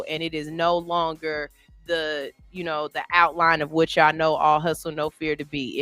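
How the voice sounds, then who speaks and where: A woman hosts morning radio in a bright, sharp voice, talking emphatically to her listeners. The studio sound is dry and close. Faint music sits in the background. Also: lowish voice, no room sound. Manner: laughing easily, then lecturing emphatically. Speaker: radio show host. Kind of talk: casual morning radio banter. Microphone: studio microphone.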